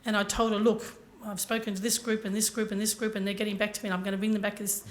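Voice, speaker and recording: A woman's voice: mid-range voice, flat delivery, very fast. A woman giving a motivational talk to a conference audience, telling her story earnestly and speaking directly to the listeners. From Ireland.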